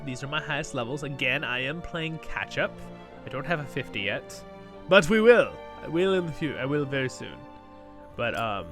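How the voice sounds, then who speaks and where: A sleepy man hosting a gaming channel, chatting casually at his computer into a new microphone and chuckling often. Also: medium pitch. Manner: relaxed and rambling, chuckles often. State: sleepy, just woke up. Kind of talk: casual gameplay commentary. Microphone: new desktop microphone.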